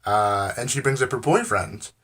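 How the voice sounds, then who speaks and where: Wry, rambling American man with a bright voice. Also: medium pitch, big pitch swings, moderate pace. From United States. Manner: rambling, full of "I'm like" and fillers; wry, amused. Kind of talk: casual storytelling to camera.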